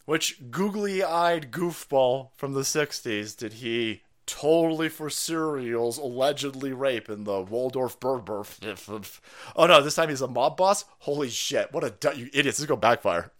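A man hosting a stream, ranting profanely with sudden shouts and mocking put-on voices. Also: medium pitch, expressive, a little slow. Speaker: streamer host. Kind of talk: profane political rant commentary.

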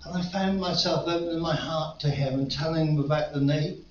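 A man's voice: fairly high pitch, brisk, slight background noise. An older man preaching a sermon, telling stories and rising to earnest appeals. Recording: echoey room, distant mic, dull sound.

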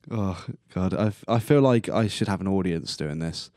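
A young man in his twenties talks on his own podcast with a very low, deep voice, close to the mic in a dry, dead room. He rambles casually and laughs at his own jokes. Now and then he coughs or burps. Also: slow, pauses often, a little mellow, no room sound. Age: 20s. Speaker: podcast host. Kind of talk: casual solo podcast monologue.

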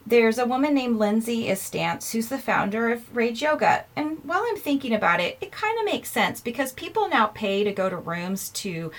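A woman's voice: on the high side, sing-song, normal speed, few pauses. A woman hosting her own podcast in a casual, chatty way, self-mocking and laughing often as she records herself. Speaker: podcast host. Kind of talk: casual chat. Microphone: earphones in, recording herself.

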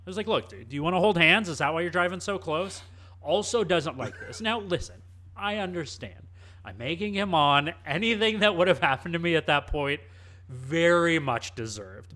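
A young man chats as co-host, relaxed and cheeky as he tells a story. His voice sits a touch higher than most men's. The talk is loose and conversational. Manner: animated storyteller, casual and cheeky. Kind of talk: casual chat, storytelling.

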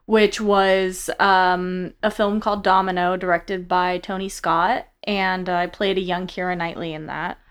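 A young American woman, a guest actress, telling animated stories in a casual interview and acting out the voices she quotes. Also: fairly low pitch, a little slow, few pauses, clean tone. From United States.

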